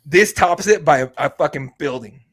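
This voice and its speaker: A man hosting an MMA podcast, telling a story in a casual, excitable and profane way. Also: fairly high pitch, moderate pace. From Mexican heritage. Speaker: MMA podcast host and reporter.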